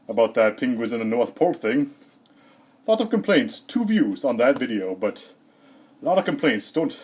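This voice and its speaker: A man doing a rambling, deadpan comedic monologue in character as Santa, hesitant and full of fillers, a little out of breath. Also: medium pitch, slightly rough. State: slightly out of breath.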